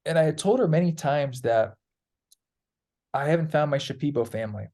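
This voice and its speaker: A man's voice: fairly high pitch, lively intonation, a little fast, mellow. A man chatting as a guest, telling a loose, rambling story with plenty of fillers and casual swearing. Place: Peru.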